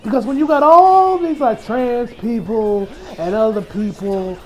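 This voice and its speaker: High-pitched male anime reviewer, loose and rambling, quick to laugh. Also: poor audio. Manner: rambling, frequent restarts, laughs often. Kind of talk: casual episode review.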